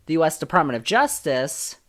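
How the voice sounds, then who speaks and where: A man's voice: on the high side, sing-song, fairly quick. Opinionated man hosting a sports podcast. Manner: opinionated, emphatic, jumps between loud and soft. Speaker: podcast host. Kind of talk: solo sports podcast commentary.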